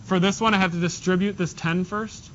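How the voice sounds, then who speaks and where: A man's voice: sits high, fairly even intonation, fairly quick, a bit bright. A male math teacher working through problems with his class step by step and making joking asides. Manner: talks students through steps, jokey asides. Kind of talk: classroom lesson. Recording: dull lo-fi classroom recording with faint hiss.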